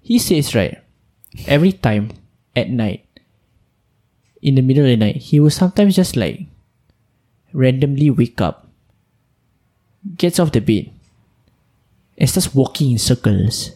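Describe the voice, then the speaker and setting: A young man from Singapore with a Singaporean English accent, co-hosting a podcast and telling stories in a casual, animated way. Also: medium pitch, measured pace, long pauses. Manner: animated storytelling with Singlish particles. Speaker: podcast co-host. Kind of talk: casual chat.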